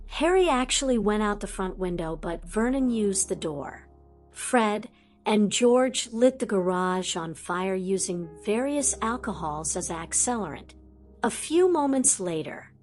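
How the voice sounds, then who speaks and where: Woman narrating an audiobook over soft music. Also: mid-range voice, expressive, slow.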